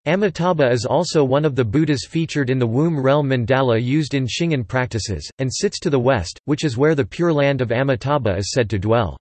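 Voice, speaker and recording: A computer-generated man's voice reading an encyclopedia article in an even, flat machine delivery. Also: medium pitch, fairly quick, hardly any pauses, dry recording. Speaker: text-to-speech reader.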